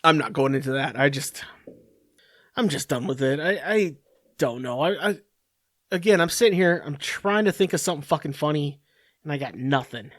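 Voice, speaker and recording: A man's voice: on the high side, expressive, fairly bright tone, dry recording, clean studio sound. Profane ranting male podcast host. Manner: profane and exasperated, halting restarts. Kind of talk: solo comedic rant.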